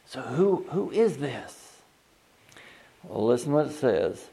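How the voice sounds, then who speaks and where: Slow and sing-song, with a gravelly, dark medium-pitched voice, an older man preaches casually and digressively in a folksy manner. He frequently starts sentences over and laughs softly at his own tales.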